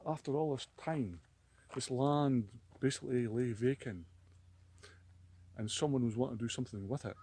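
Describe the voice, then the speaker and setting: A man's voice: mid-range voice, vocal fry, mellow, breathy edge. A man with a Scottish accent talking casually to camera in a rambling, aggrieved way, often repeating words. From Scotland. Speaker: vlogger.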